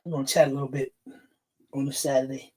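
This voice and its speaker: A man's voice: mid-range voice, little pitch movement, fast talker, darkish tone. A man hosting a casual livestream, greeting chatters by name, laughing often and getting fired up. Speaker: livestream host.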